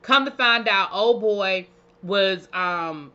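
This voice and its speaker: A woman's voice: medium pitch, takes it slowly, sharp tone, clear, resonant tone, dull audio. A woman recapping a reality show in a casual, sassy, chatty way, with playful asides. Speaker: reality TV reviewer.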